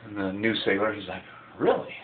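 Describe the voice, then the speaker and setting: A man's voice: lowish voice, brisk. A man in his thirties, a comedy vlogger telling crude jokes in a rambling, chuckling way. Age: 30s. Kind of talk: casual joke telling. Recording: tinny phone-like sound with faint hiss.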